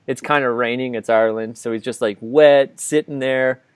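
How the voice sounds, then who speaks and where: Recording indoors while living in Ireland, a male podcast co-host tells a lengthy, rambling story, dropping "like" into nearly every phrase. His middling-pitched voice is clear and resonant, steady in tone and moderate in pace. The sound is dry and close-miked, free of room echo.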